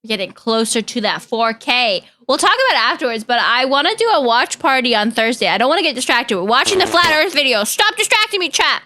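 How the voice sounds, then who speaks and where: A young woman streaming, reacting to videos and chatting with her viewers in a joking, deadpan way. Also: fairly high pitch, fast, hardly any pauses. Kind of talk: casual live-stream reaction chat.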